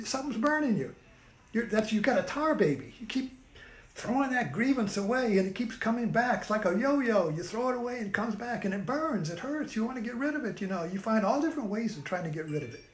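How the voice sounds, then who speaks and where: A man with a fairly high voice giving a loose, rambling spiritual talk, forever tagging on "you see" and "you know". His voice echoes around a roomy space. He sounds unhurried and conversational. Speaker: spiritual teacher. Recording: roomy echo.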